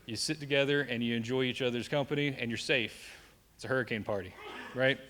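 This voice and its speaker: Presenting safety material live, a young Southern man from the American South speaks at a medium, ordinary middle pitch with fairly even intonation, a fairly quick pace and a fairly bright tone. He jokes with the crowd, chats casually and asks the room "right?"; slight background noise sits under a long reverb from the large hall.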